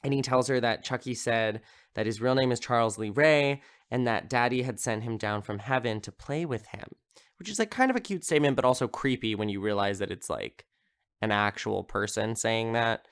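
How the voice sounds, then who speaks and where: A man's voice: medium pitch, normal speed, clear, resonant tone. A man hosting a casual podcast, retelling a horror film in a chatty way, full of "like" fillers and easy swearing. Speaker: podcast host.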